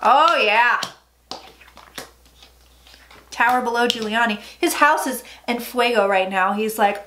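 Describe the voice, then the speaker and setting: A woman's voice: on the high side, moderate pace, hardly any pauses, pushed and bright, slight background noise. A woman psychic giving a casual tarot reading vlog, chatty and emphatic, often dropping into murmured asides.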